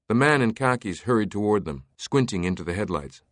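A man narrating an audiobook in a steady, even tone. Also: deep voice, fairly quick, hardly any pauses, no echo, clean studio sound. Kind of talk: scripted narration.

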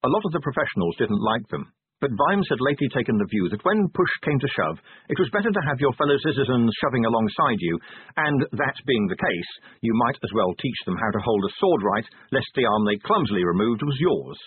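A man's voice: medium pitch, very animated, fairly quick, breathy edge, dry recording. A man reading a novel aloud as audiobook narrator, with dry, wry storytelling over a tinny narrow-band recording. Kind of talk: scripted narration.

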